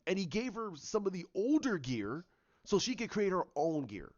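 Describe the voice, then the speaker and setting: A man giving a ranting commentary, animated and repetitive, often restarting his sentences. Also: high-pitched, normal speed, dry recording, lo-fi sound. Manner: animated, repeats himself, many restarts.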